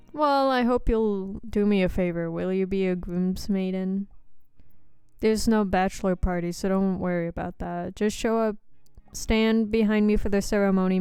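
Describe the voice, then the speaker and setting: A woman's voice: medium pitch, dark tone, smooth, no room sound, studio quality, close to an everyday voice. A woman reading aloud a cheerful young woman from a dating game who is planning her wedding, in a chatty, upbeat way.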